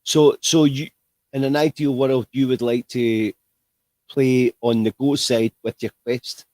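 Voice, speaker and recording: Man, livestream host, rambling chat, mid pitch, dry sound. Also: steady tone, unhurried, mellow, dry recording. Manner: chatty, rambling with restarts. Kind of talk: livestream interview.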